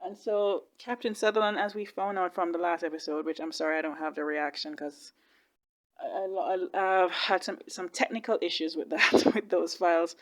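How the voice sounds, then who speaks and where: A woman hosting a casual video reaction to a TV drama, chatty and animated. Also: fairly low pitch, moderate pace. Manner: chatty, animated, laughs easily. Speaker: YouTube reaction host.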